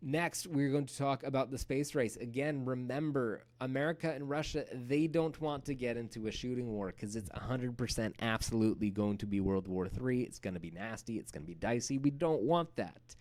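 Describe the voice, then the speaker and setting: Male teacher, mid pitch, relaxed lecture delivery, brings events to life with playful asides. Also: brisk, few pauses. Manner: casual, animated storytelling with playful acted-out quotes. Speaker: history teacher. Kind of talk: recorded lecture.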